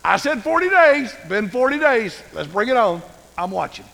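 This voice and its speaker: A stubborn, sulking prophet, as a preacher acts him out, pitched well above his speaking voice and pushing hard, with a gravelly edge. He insists and repeats himself like a man who will not budge. His voice rings with the long reverb of a big hall. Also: very animated, moderate pace, sharp tone, exaggerated voice. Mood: defiant.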